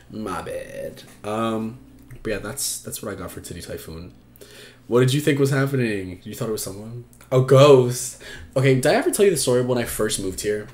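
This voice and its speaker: A man's voice: deep voice, darkish tone, roomy sound, a little hiss or hum. A man hosting an advice livestream, talking frankly and casually with lots of fillers and swearing. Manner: frank and chatty, swears freely, many fillers. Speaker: advice stream host.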